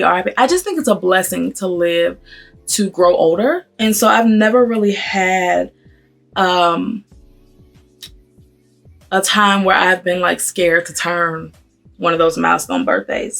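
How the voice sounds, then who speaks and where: A woman in her thirties with a mixed Northern and Southern US accent, chatting casually as she gets ready, talking fast and stumbling over her words. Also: mid-range voice. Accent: mix of Northern US and Southern US. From Pennsylvania, raised in Atlanta. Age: 30s. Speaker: beauty vlogger. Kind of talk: casual get-ready-with-me chat. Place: at home doing makeup.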